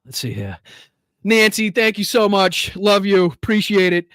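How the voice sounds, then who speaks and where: A man's voice: sits high, sing-song, measured pace, fairly bright tone, no echo, studio quality. A man with a Boston accent hosting a political livestream, swearing freely, laughing and thanking viewers while he catches his breath. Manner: profane, rowdy, laughing, out of breath. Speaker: political show host. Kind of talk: profane livestream commentary and viewer shout-outs.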